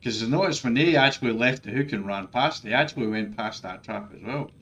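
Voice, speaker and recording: A man's voice: mid-range voice, a little fast, fairly bright tone, lo-fi sound. A man giving frustrated, ranting commentary over his own gameplay, swearing often. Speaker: gaming streamer.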